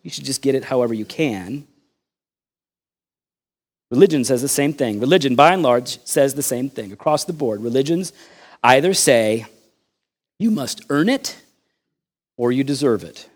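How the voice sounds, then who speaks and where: A male pastor preaching a sermon, animated and conversational, swinging between loud emphatic lines and quiet asides, joking with the congregation. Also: medium pitch, moderate pace, long pauses.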